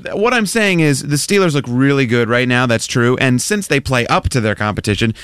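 A young man giving measured, opinionated sports analysis on a casual podcast. His voice is smooth and resonant. The recording is dry and close. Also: mid-range voice, animated, fairly bright tone, no room sound. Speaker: podcast co-host.

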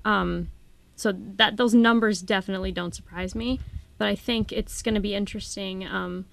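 A woman's voice: mid-range voice, steady tone, normal speed, gravelly. A young woman from Minnesota, a guest on a college radio show, speaking in an easygoing, thoughtful way. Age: young adult. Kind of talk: casual radio show chat.

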